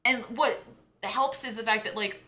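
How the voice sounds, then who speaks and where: Young woman vlogging, gushy and chatty, says like a lot, bright crisp tone. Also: a little high, normal speed. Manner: gushing, heavy use of "like". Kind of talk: casual chat.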